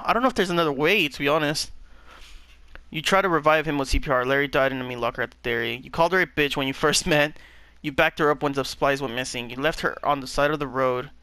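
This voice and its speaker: Brief: young gamer host, bright and clear, close dry mic, swears through his reactions. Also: mid-range voice, dry recording. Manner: emotional, swears constantly, reads on-screen text aloud. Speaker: gaming channel host. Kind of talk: game playthrough reaction.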